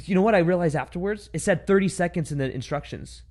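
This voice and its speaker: A man's voice: high-pitched, quick pace, a little mellow. A young adult man hosting a casual chat, telling stories animatedly and laughing as he goes. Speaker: podcast host.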